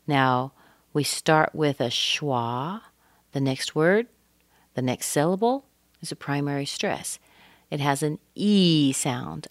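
A woman teaching English pronunciation, saying example words slowly and deliberately to show where the stress falls. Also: deep voice, animated, no echo, studio quality.

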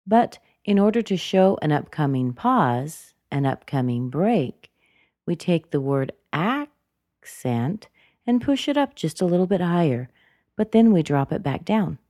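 A woman teaching a pronunciation lesson, speaking deliberately and demonstrating example sentences. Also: lowish voice, very animated, mellow, no echo, clean studio sound. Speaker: accent coach.

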